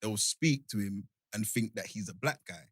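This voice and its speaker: A man's voice: fairly low pitch, moderate pace, slightly rough, no echo. Slangy London man hosting a podcast. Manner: slangy, animated storytelling. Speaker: podcast host. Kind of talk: casual group chat.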